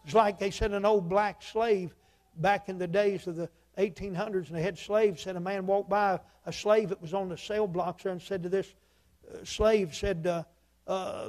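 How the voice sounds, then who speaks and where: A male preacher with a drawl and a high voice for a man. He spins homespun stories in a folksy way and keeps circling back with "he said". He drives each story toward a pointed, emphatic lesson. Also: fairly even intonation, moderate pace, a little mellow. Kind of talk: sermon storytelling.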